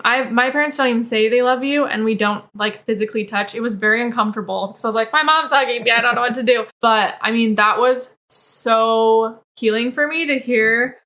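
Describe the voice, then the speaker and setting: Candid woman podcast guest, bright and slightly high, filler-heavy chat. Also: fairly even intonation, normal speed. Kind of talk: casual chat.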